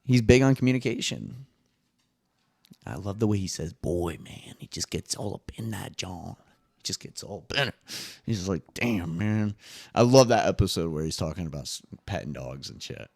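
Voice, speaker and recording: A man's voice: deep voice, lively intonation, brisk, vocal fry, darkish tone, no echo, clean studio sound. A young man hosting his own podcast, rambling casually in a solo monologue, swearing freely and laughing at his own jokes. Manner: rambling, profane, laughs often. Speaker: podcast host.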